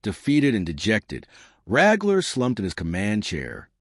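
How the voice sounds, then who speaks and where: Low-voiced man narrating wryly. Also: wildly swooping pitch, unhurried, no room sound, studio quality. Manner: wry, comic storytelling. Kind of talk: scripted narration.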